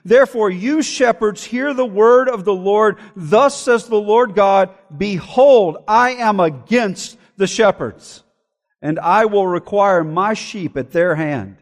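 Man preaching, high voice, slow deliberate delivery, emphatic repeated phrases, long church reverb. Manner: emphatic, repetitive preaching cadence. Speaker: pastor. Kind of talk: sermon.

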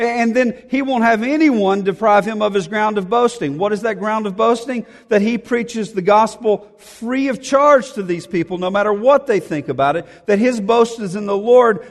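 High-voiced male preacher in a reverberant hall. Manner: reads scripture aloud, then explains it verse by verse; emphatic, repeats key phrases for effect. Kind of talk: expository sermon.

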